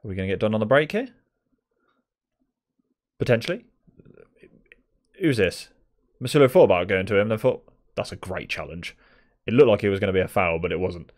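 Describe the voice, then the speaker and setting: Young man, low-pitched, doing chatty live gameplay commentary, exasperated and talking at the screen. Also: a little mellow. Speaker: gaming video creator.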